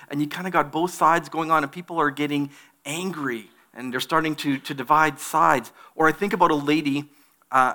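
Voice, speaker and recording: Male pastor, bright tone, a touch high, reading scripture and preaching. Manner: reads scripture aloud, then preaches with animated put-on voices. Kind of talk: sermon.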